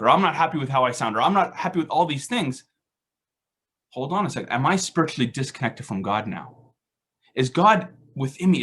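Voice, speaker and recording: A man's voice: a little high, fairly bright tone, breathy edge. A man giving a casual, self-deprecating faith reflection at an online recovery meeting, full of rhetorical questions.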